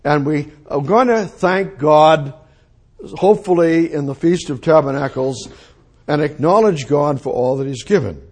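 A man delivering a sermon at an unhurried pace, leaning hard on repeated phrases and sudden exclamations. His voice sits a little high for a man and carries a husky, breathy edge. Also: a little mellow. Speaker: preacher.

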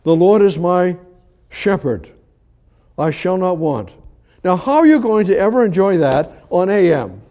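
An older man preaching a conversational sermon, swinging between emphatic rises and quiet, low asides. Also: big pitch swings, measured pace. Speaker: pastor.

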